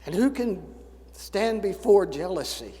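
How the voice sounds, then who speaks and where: A man's voice: high voice, lively intonation, unhurried, dark tone. A man in his seventies preaching a sermon, folksy and storytelling with dry humor. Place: church sanctuary. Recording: church sanctuary with long reverb.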